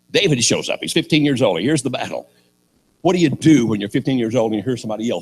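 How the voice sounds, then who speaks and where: A man's voice: medium pitch, animated, fast, slight background noise. An older man preaching a sermon, telling a story with sarcastic humor and acting out the characters.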